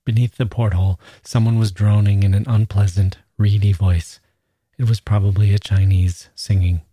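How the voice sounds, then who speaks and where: A man reads a classic short story aloud in an even, measured way. His voice is low, dark and a little husky. The recording is close and completely dry. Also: dry recording. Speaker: podcast host and reader. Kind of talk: scripted literary reading.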